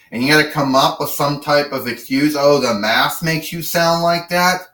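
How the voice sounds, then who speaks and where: A man's voice: medium pitch, a bit bright. A man playing a brash pro wrestler who rambles through mocking trash talk. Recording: roomy, distant from the mic.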